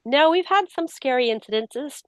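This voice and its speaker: A high-voiced middle-aged woman, an author guesting on a casual interview while fighting a slight cold, tells lively stories and acts out people's words. She speaks at a moderate pace, recorded dry.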